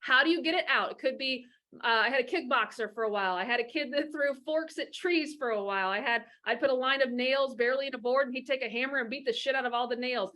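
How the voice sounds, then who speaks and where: A woman's voice: high-pitched, fast, pushed and bright. A middle-aged woman giving blunt, profane advice on divorce and parenting, talking fiercely and emphatically. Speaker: divorce coach.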